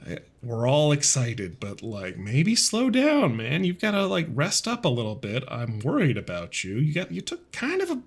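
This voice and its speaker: A man's voice: medium pitch, wildly swooping pitch, moderate pace, few pauses. A man voicing a worried, protective young sister. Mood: concerned. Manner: gently urging.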